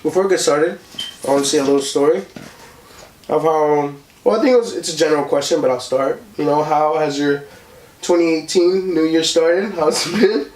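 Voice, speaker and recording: A young podcast host speaks at a moderate pace in a slightly high voice, recorded from afar in an echoey room. His casual storytelling is animated, with acted-out character voices and many likes and ums.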